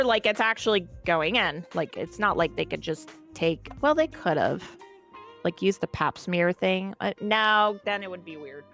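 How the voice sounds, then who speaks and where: A woman's voice: medium pitch, sharp tone. A woman guest in an interview, telling a personal story in a casual, candid and profane way.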